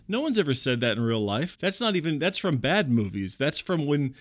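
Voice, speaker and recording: A man's voice: fairly high pitch, big pitch swings, a little fast, fairly bright tone. Exasperated ranting middle-aged man. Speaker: comedian. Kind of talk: comic monologue.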